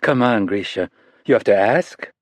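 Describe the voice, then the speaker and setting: A man voicing a lively, teasing young woman, raising his pitch for her. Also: moderate pace, no room sound, natural voice. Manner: teasing, playful.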